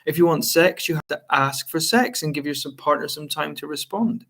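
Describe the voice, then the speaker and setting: A man's voice: a little high, normal speed, vocal fry, a bit bright. A man giving marriage advice straight to camera in a casual, conversational way, with frequent ums and you-knows. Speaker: marriage coach. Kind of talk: direct-to-camera advice talk.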